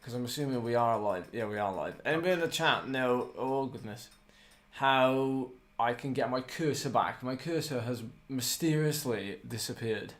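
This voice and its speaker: A man's voice: medium pitch, moderate pace. A man co-hosting a casual live stream, talking in a flustered, fumbling way. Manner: flustered, fumbling, self-mocking. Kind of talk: casual chat while setting up a stream.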